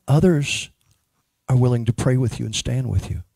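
A man's voice: medium pitch, lively intonation, normal speed, vocal fry, warm tone, husky, dry recording. A man ministering as a prophet, speaking emphatically and praying over a woman in church. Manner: emphatic, prays over a person.

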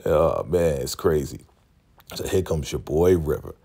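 Deep gravelly man recapping a TV episode. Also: measured pace. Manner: animated storytelling, acting out scenes. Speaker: TV recap vlogger.

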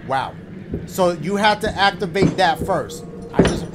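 A man's voice: high-pitched, lively intonation, unhurried, loud music behind the voice. A man hosting a let's-play of a horror game, cracking jokes and swearing as he reacts, yelping when something startles him. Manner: joking, profane running reactions, yelps when startled. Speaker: gaming channel host. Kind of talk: casual let's-play commentary.

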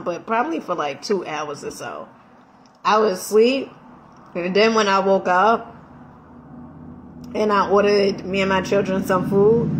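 A middle-aged woman vlogging, telling a story in a casual, animated way, laughing often, with slang and emphatic swearing. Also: mid-range voice. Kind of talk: casual storytelling chat while eating.

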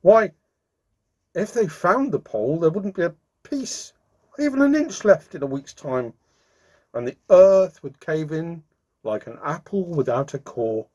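A man voicing a merry, kindly old Santa Claus who talks in a hearty, brisk way. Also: on the high side, big pitch swings, warm tone, pitched above the performer's own voice.

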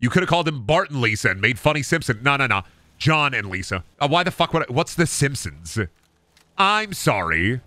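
A man's voice: mid-range voice, big pitch swings, brisk, bright, forceful tone, no room sound. A man in his thirties streaming a game, rambling and joking with lots of swearing. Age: 30s. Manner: rambling, profane, jokey. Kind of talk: casual gaming commentary.

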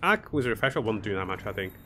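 A man's voice: lowish voice, big pitch swings, fast talker, pushed and bright, soft background music. A man streaming a strategy game, thinking his moves aloud, greeting viewers and chuckling often. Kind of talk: live gameplay commentary.

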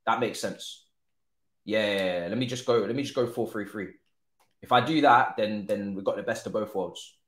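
A young man giving live commentary on his own football video game match, excitable, pleading and swearing often. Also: on the low side, normal speed. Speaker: gaming streamer. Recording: roomy echo.

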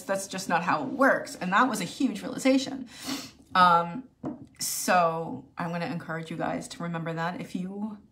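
A woman's voice: on the low side, a bit bright, slight background noise. Emotional woman telling a personal story. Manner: emotional, halting, many restarts and fillers. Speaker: video host sharing a personal story.

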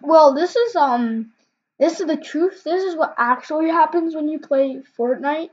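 A woman's voice: high-pitched, measured pace, darkish tone, lo-fi sound. A woman hosting a casual reaction video, rambling with hesitant fillers and restarts.

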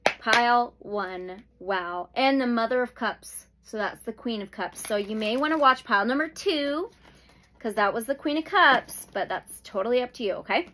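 A woman giving a pick-a-pile tarot reading, slow and soothing, with sudden excited outbursts. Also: a little high, slight background noise. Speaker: tarot reader.

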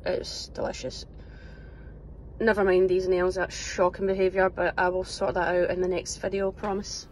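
A woman's voice: fairly low pitch, little pitch movement, normal speed, a little hiss or hum. Chatty Scottish woman vlogging. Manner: chatty, self-mocking, upbeat; whispering early in the morning. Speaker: professional footballer vlogging her day. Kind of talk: casual vlog. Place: home and training ground, indoors.

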